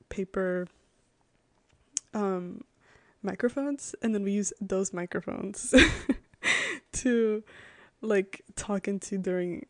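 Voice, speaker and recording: A young woman from Connecticut, USA, hosts a podcast with a medium-pitched, slightly mellow voice and no echo. She's chatty and rambles casually through childhood stories, full of "like" fillers and giggles.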